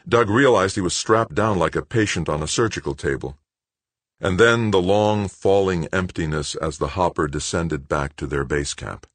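A man reading a novel aloud in steady, measured audiobook narration. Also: low voice, no echo.

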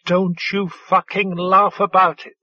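A male narrator voicing a pregnant, grieving woman who screams hoarsely at her lover. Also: fairly low pitch, lively intonation, takes it slowly, fairly bright tone, no room sound, lo-fi sound, heavily acted. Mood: furious. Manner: screaming, raw. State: hoarse, sobbing.

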